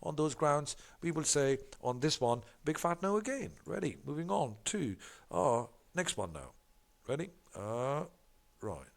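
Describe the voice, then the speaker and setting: A man working through exam practice questions as a tutor. He talks in an emphatic way, stumbles and corrects himself often, and keeps repeating catchphrases. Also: mid-range voice. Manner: animated, emphatic, repeats catchphrases like "big fat no".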